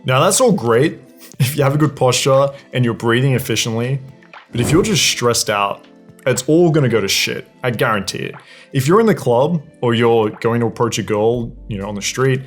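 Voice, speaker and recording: Man coaching voice, casual. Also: medium pitch. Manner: casual, demonstrates exercises with hums and sighs. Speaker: dating and voice coach. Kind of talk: instructional talk to camera.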